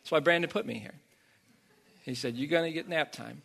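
Male preacher, 30s, high voice, halting, repeats words, loud peaks. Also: creaky. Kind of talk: sermon.

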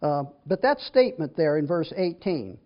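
This Bible teacher's voice is a little high and sing-song, delivered at normal speed. After reading passages aloud, he unpacks them in an easygoing, chatty manner, stopping and starting again as he goes. Audio quality is dull and lo-fi.

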